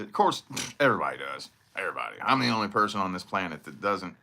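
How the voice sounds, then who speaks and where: A man's voice: low-pitched, lively intonation, fairly quick, pushed and bright. A man from southern Indiana with a slight country twang, giving a rambling, profane casual monologue on his vlog. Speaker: vlogger.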